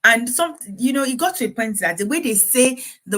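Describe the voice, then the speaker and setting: A woman's voice: mid-range voice, a little fast, hardly any pauses, a bit bright, breathy edge. A middle-aged woman giving earnest, faith-based parenting advice, laughing now and then as she talks. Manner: earnest, advising, laughs often. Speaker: parenting speaker.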